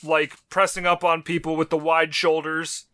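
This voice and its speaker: A man's voice: on the high side, flat delivery, normal speed, pushed and bright, clean tone. A man co-hosting a podcast, chatting in a playful, teasing way. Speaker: podcast co-host. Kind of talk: casual banter.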